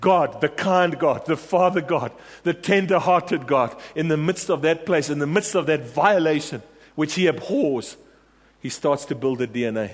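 Long reverb from a large hall surrounds this sermon. The preacher, a man with a fairly high voice talking at normal speed, stirs his congregation through emphatic repetition, questions and refrains.

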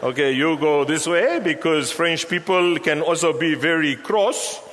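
A high, bright male preacher jokes and teases his congregation, calling people up to take part. His voice rings with long church reverb over a faint hum of the room. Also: measured pace. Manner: teasing, jokey, coaxes people from the crowd. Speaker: pastor. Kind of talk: playful sermon with congregation participation.

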